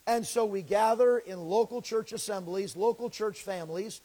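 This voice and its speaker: A man preaches a sermon. His voice is pitched high and sounds a little crackly and scraggly. His manner is earnest and folksy. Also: mellow. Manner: earnest, folksy, pauses to clear throat. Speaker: pastor.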